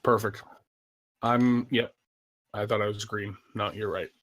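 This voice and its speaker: A man's voice: fairly low pitch, fairly even intonation, measured pace, a bit bright, dry recording. A man playing a tabletop game, matter-of-fact as he works out his move. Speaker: player. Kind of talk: casual tabletop chat.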